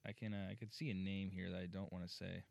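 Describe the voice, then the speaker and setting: A man's voice: low voice, flat delivery, fast, creaky. A man co-hosting a casual sports podcast, laid-back, laughing and swearing as he reads out news. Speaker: podcast co-host. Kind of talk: casual hockey news chat.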